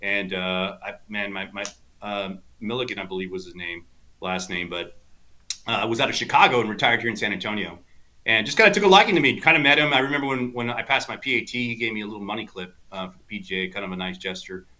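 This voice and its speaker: Bright-voiced man telling golf stories. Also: fairly low pitch, fast. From South Texas. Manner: rambling anecdotes full of fillers, animated quoting. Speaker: podcast guest, golf instructor. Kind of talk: casual storytelling chat.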